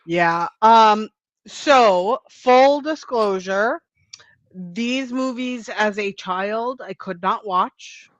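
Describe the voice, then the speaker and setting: A woman's voice: mid-range voice, drawn-out words, no echo, muffled recording. A woman co-hosting a casual panel chat, giggly and upbeat, with many small affirmations. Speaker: podcast co-host.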